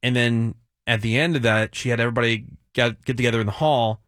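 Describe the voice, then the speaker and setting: A man's voice: mid-range voice, no echo. Chatty male radio host, dry studio sound. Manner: relaxed, chatty, quick asides. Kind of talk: casual morning radio chat. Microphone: studio microphone.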